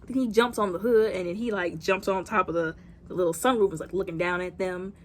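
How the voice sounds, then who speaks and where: A woman's voice: fairly low pitch, quick pace, a little hiss or hum. A woman giving a comedic movie recap, dramatic and sassy, with playful asides. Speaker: movie reviewer.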